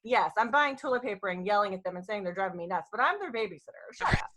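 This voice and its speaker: A woman hosting a casual podcast conversation, telling stories in a lively, blunt way with some swearing. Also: medium pitch, fast, very noisy.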